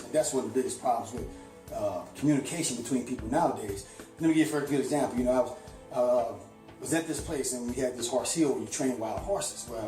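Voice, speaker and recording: Guy rattling off a story quick, mellow voice, echoey room, faint music behind. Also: mid-range voice. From St. Louis, USA. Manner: animated, rambling, with frequent "you know". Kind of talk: casual storytelling.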